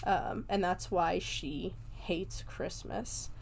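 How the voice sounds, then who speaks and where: A woman's voice: on the low side, slow, gravelly, slight background noise. Chatty young woman recapping a film. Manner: chatty, many fillers and casual swearing. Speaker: podcast host. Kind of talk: casual movie recap.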